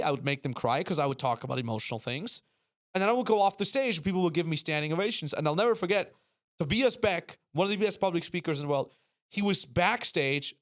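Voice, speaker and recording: Male podcast guest, slightly high voice, animated storyteller who curses and laughs a lot. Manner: swears freely, acts out voices, laughs often. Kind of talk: animated storytelling, casual chat.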